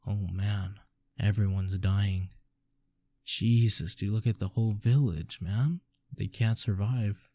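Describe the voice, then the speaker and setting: A man's voice: lowish voice, steady tone, slow, warm tone, no room sound. A man reading a manga aloud, reacting with casual awe and the odd curse between panels. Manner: laid-back, swears, reacts with awe. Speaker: manga reader.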